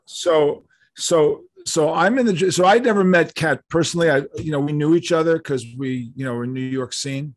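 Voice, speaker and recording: A man's voice: a little high, moderate pace, no room sound. An older man, a guest on an interview show, telling a story animatedly and acting out the dialogue. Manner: animated, acts out quoted dialogue.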